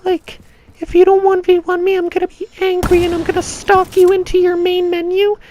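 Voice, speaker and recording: A man imitating a shrill, whiny boy gamer who taunts in a screeching, squeaky voice. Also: monotone, brisk, a little mellow, a little hiss or hum. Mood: taunting.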